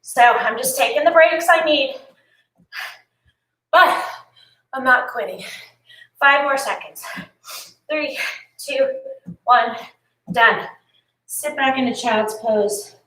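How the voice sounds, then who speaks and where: A woman's voice: sits high, slow, long pauses, bright, forceful tone, far from the mic. Tired, chatty woman fitness instructor. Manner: chatty, encouraging, storytelling between cues. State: tired, yawning. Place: home workout space. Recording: echoey room, voice a bit off-mic.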